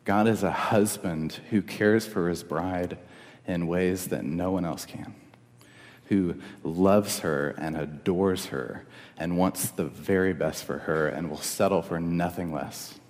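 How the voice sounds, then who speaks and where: Deep slow-speaking young pastor in a hall. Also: male voice, darkish tone. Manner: earnest, conversational preaching with restarts. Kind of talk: sermon. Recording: long reverb of a hall.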